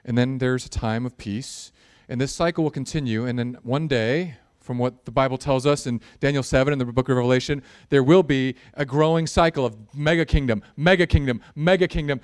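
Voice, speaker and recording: Guy preaching, smooth voice, jokey and animated, gets worked up. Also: mid-range voice, fairly quick, few pauses. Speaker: pastor. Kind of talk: sermon.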